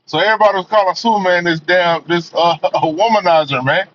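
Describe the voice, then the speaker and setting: A man's voice: sits high, fast talker, a bit bright, a little hiss or hum. A man giving a profane, emphatic rant as a movie reviewer, filling his talk with "man" and "you know.". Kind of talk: ranting commentary. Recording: dull lo-fi audio.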